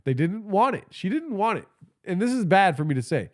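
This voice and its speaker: A man's voice: high voice, big pitch swings, fairly quick. Profane, rambling man on a livestream. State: stuffy nose. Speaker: podcast host. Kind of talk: casual livestream storytelling. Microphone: phone held in hand.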